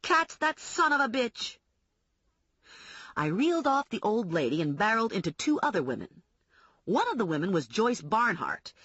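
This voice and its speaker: A woman narrating an audiobook in the first person, wry and brisk, her voice husky and her pitch animated. The recording is dead dry and slightly muffled, close to the mic. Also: dry recording.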